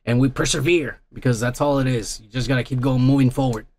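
Gravelly, profane male podcast host. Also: medium pitch, steady tone, quick pace, a little mellow. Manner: profane, rambling, blunt. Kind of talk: casual chat reading viewer comments.

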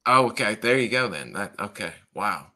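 A male podcast host asking questions in a halting way, with many restarts. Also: on the low side, expressive, bright, forceful tone. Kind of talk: interview.

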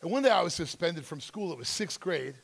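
Gravelly-voiced man telling his story. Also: a little high, expressive, brisk. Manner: acts out quoted voices, emphatic, intense. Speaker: speaker at a school drug seminar. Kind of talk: personal storytelling talk.

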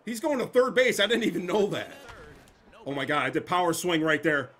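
Young male gaming streamer, high lively voice, bright and sharp, profane hype commentary. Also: fairly quick. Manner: excitable, profane trash talk. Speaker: gameplay streamer.

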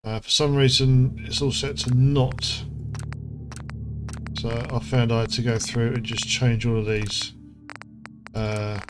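A man's voice: mid-range voice, little pitch movement, slow pace, pauses often, noisy background. A man, hosting a casual gameplay commentary, chatty and rambling, with lots of fillers and asides. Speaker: gaming channel host. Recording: music playing underneath.

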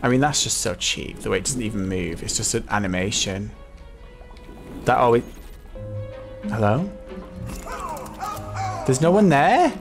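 A young woman giving let's play commentary, excitable and given to swearing, jumping between squeals and low mutters. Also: measured pace, gravelly, long pauses. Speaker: gaming YouTuber. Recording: game music playing behind.

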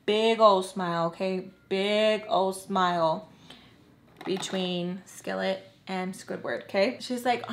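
A woman vlogger telling a personal story in a casual, chatty way, talking fast with lots of fillers and asides to her viewers. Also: mid-range voice, fairly even intonation.

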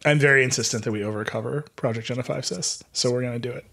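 A man's voice: mid-range voice, creaky, fairly bright tone. A man hosting a podcast, chatting casually and jokingly about a tech story, with lots of "like" fillers. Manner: quick, jokey, filler-heavy. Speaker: podcast host.

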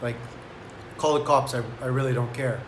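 A man's voice: medium pitch, fairly even intonation, normal speed, reverberant, slight background noise. A man telling a story in a casual vlog, laid-back and rambling, with lots of "like". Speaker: vlogger.

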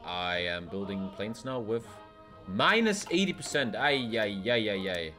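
A man giving casual, excitable gameplay commentary while he plays, swearing often and swinging between loud outbursts and low mutters. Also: unhurried, soft background music. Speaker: gaming streamer.

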